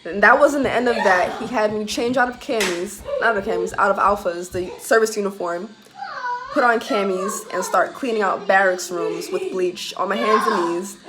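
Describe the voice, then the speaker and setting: Worked-up young woman over loud hiss. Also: medium pitch, normal speed. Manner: heated, laughs through the telling, swears. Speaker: vlogger telling a military story. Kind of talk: casual storytime. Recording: loud background noise hiss.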